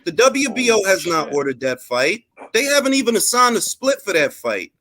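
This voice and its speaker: Host, male, high lively voice, pushes hard and repeats himself in a panel argument. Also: normal speed, slight background noise. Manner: forceful, repetitive, cuts others off. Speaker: host of boxing talk panel. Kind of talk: heated panel debate.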